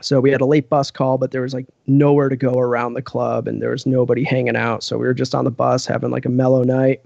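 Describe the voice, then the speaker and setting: A man's voice: mid-range voice, level tone, quick pace, gravelly, darkish tone, no room sound, highs cut off. A man from Western Massachusetts, a podcast guest, telling a rambling casual story full of "like" and "you know".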